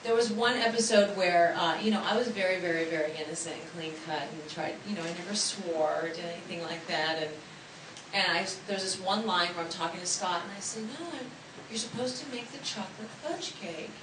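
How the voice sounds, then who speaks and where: A woman in a panel talk, telling lively stories with many restarts, recorded from far off in an echoey convention hall. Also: fairly low pitch, a little fast, background noise. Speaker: actress on a panel. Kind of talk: panel anecdotes.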